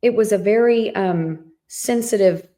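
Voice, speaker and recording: A middle-aged woman talks casually as a podcast co-host, telling a long personal story. She voices the people in it as she goes, with lots of fillers and restarts. Her pitch sits in the middle for a woman. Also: unhurried. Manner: animated storyteller, acts out quoted dialogue.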